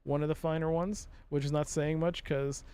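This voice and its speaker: Young guy streaming a game, a bit high-voiced, rambly and self-mocking, lots of uhs, talks to himself and chat. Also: level tone, normal speed, dark tone, smooth. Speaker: streamer playing a game live. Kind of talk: casual live-stream commentary.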